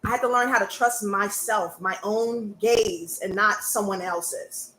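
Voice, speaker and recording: A woman, a burlesque performer and coach talking live to her audience in a sassy, animated way. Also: medium pitch, measured pace, echoey room, a little hiss or hum, rough recording. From American South. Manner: sassy and animated, calls out to listeners. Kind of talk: live-stream talk to an audience.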